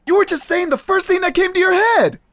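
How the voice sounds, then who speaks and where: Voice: very high-pitched, brisk, fairly bright tone, a little hiss or hum, voice pushed up. A player voicing an earnest young male law student in an exasperated, emphatic way. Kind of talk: let's play voice acting.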